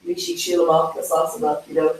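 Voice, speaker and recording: Young man, high voice, loose rambling banter, recorded far off in a roomy space. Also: flat delivery, quick pace. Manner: rambling, laughing, acting out quotes. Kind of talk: casual chat among friends. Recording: echoey room, mic far off, faint hiss.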